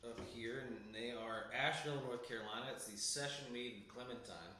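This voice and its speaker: A man's voice: medium pitch, brisk, bright, forceful tone, recorded from a distance. A man co-hosting a casual drinks podcast, making brief, matter-of-fact remarks. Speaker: podcast co-host. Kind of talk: casual beer tasting chat. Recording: echoey room, away from the mic.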